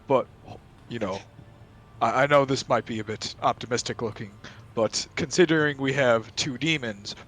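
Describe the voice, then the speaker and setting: A man's voice: medium pitch, moderate pace, a bit bright, slight background noise. Stammering male tabletop player. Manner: stammering, restarts a lot. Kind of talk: casual play, partly in character.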